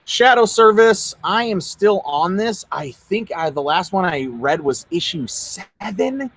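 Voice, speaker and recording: A man co-hosting a casual chat, rambling in a relaxed, slangy way. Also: high-pitched, a little slow, a little hiss or hum. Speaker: co-host.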